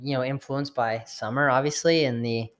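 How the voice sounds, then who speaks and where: A man co-hosting a podcast in a small home studio, close on a stand mic. He drops dry, understated quips, his voice a middle-pitched, everyday male tone. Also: fairly even intonation, moderate pace. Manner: dry, wry one-liners. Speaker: podcast co-host. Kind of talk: casual podcast chat. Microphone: tabletop mic on a stand.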